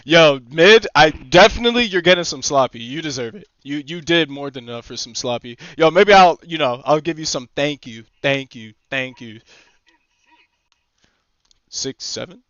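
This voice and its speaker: A young man streaming a game, chatting casually with teammates, excitable, swearing and laughing often. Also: fairly high pitch, moderate pace, clear, resonant tone, no echo. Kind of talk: casual gaming chat with teammates. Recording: slightly muffled dry stream mic.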